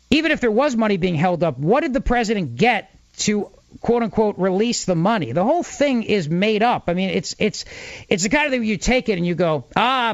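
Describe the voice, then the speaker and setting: Fill-in radio host: a New man with a high voice, punchy and mocking on a dry, lo-fi feed. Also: no room sound. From New Jersey. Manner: argumentative, emphatic, mocks opponents. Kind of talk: talk radio political monologue.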